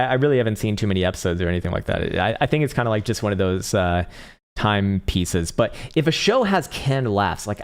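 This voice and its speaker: Profane, rambling male livestream host. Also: fairly low pitch. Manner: rambling, profane, laughs often, searches for words. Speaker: crypto trading livestream host. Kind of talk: casual livestream chart talk and chat replies.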